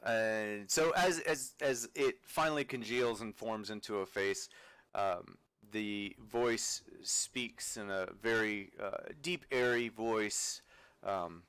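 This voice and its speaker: A man narrating a tabletop game as game master, halting and full of fillers. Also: fairly low pitch, a bit bright, clean tone, dry recording, poor audio. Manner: halting, many fillers and restarts.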